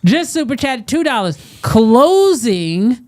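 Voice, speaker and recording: A man's voice: very high voice, slow pace. A man co-hosting a livestream, teasing viewers in casual banter. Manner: playful teasing, animated and loud bursts. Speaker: podcast co-host.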